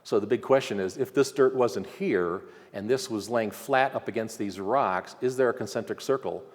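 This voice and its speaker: A man's voice: fairly low pitch, moderate pace. A man giving a conversational slide lecture at a symposium, pointing things out on screen with frequent fillers. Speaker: archaeology lecturer. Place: lecture hall. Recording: long hall reverb.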